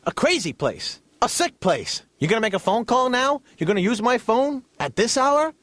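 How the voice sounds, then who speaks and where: A man voicing his own suspicious, complaining older father from New York, in a high, exasperated, whiny voice. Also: big pitch swings, normal speed, a bit bright, no echo, full character voice.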